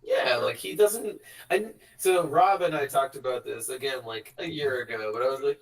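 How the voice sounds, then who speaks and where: A man's voice: medium pitch, creaky, far from the mic, low-quality recording. A man chatting casually as a tabletop game player, joking and often laughing. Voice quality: quick, joking and frequently laughing. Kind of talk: casual chat among players.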